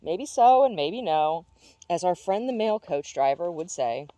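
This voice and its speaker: A woman's voice: fairly low pitch, sing-song, a little slow, dark tone, no echo. A woman reading an eager, cheerful father. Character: storyteller father, cheerful and excitable.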